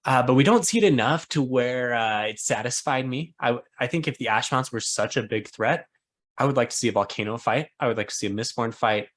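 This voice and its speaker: A man in the middle of a relaxed book-chat podcast, talking loosely and laughing often. He pokes fun at his own ideas and speaks at an everyday pitch. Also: brisk. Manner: chatty, laughs often, self-mocking. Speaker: podcast co-host.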